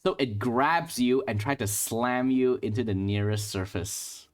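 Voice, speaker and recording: A man with a medium-pitched voice speaks at a measured pace as game master of a tabletop sci-fi horror game. He narrates the action and explains the rules steadily, often restarting mid-phrase.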